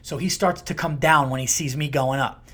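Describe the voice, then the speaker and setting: Podcast host, man, 30s to 40s, a bit high-pitched; casual, profane storyteller who hams up the quotes. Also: moderate pace, slightly rough. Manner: animated, acts out quotes with big jumps in pitch and loudness; profane and conversational.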